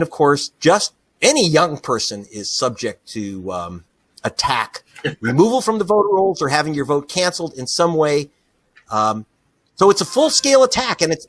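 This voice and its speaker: A man's voice: a little high, very animated, moderate pace, no echo. A middle-aged man being interviewed as a journalist, talking with passion and indignation and laughing often. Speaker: investigative journalist, guest. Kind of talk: animated interview talk.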